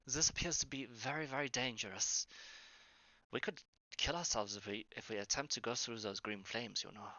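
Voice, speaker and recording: A man's voice: normal speed, sharp tone, dry recording, muffled recording. A man voicing a scholarly older vampire hunter who keeps to himself and mutters under his breath. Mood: worried. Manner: mumbling, low and muttering.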